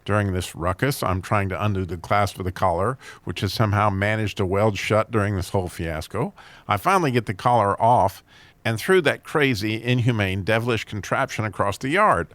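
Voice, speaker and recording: Low-voiced man reading jokes, chuckling. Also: brisk, fairly bright tone, dry recording. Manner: chuckles at his own jokes; lifts his pitch for quoted characters. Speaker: host. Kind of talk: reading jokes and funny stories.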